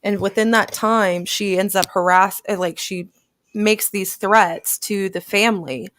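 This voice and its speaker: A woman's voice: mid-range voice, fairly even intonation, a little slow, fairly bright tone, slight background noise. A woman host casually recapping a case on a live stream, explaining step by step with frequent fillers. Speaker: commentary host.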